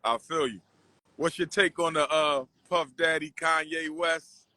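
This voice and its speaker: A man hosting a casual street conversation outdoors, talking in an animated, preachy way. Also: on the high side, measured pace. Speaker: host.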